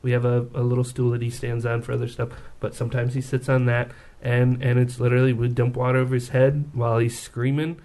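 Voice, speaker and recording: A man chatting casually about his kids in a steady, plain-spoken way. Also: mid-range voice, fast, hardly any pauses. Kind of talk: casual chat.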